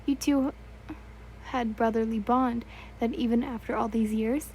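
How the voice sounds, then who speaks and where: A woman's voice: fairly high pitch, steady tone, a little slow, warm tone, a little hiss or hum, low-quality recording. A young woman reading fan fiction aloud in a casual, stumbling way, correcting herself and adding asides.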